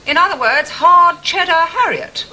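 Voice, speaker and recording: An arch, gracious British consul. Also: female voice, very high voice, lively intonation, measured pace, exaggerated voice. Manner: brightly gracious, arch, sarcastically polite. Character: polite, arch British woman consul general. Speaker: consul general. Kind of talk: 1980s TV sitcom acting. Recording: noisy old TV recording.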